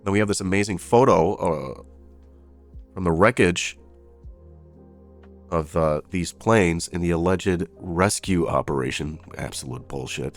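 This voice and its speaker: A man's voice: sits low, animated, unhurried, pauses often, soft background music. A man reading out daily headlines and breaking off into sarcastic, informal asides as a news commentator. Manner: reads headlines then adds sarcastic asides.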